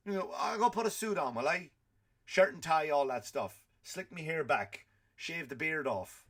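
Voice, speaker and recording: A man's voice: fairly high pitch, lively intonation, moderate pace, a bit bright. A middle-aged man hosting a comedy podcast, ranting in an exasperated, profane way and acting out quotes. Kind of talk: comic rant.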